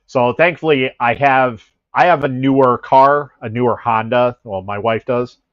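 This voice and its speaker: Speaking at a moderate pace with fairly even intonation, a mid-range-voiced man from the Chicago area chats casually with his livestream audience and reads their messages. His talk wanders, breaks off into restarts, and is full of laughter. Sound is dry and dull.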